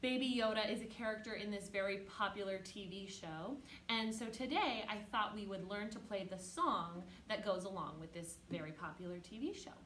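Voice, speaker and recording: A woman's voice: mid-range voice, moderate pace, hardly any pauses, slight background noise. Encouraging woman music teacher, echoey room. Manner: patient, encouraging, chanting rhythm syllables loudly. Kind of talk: online music lesson for children.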